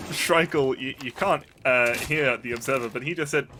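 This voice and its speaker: A man casts a video game match, calling the action and slipping into chatty jokes with his co-caster. His voice sits at an ordinary middle pitch. Loud game gunfire and clicks run beneath his commentary. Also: a little hiss or hum. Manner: chatty, joking banter between calls. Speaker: esports caster.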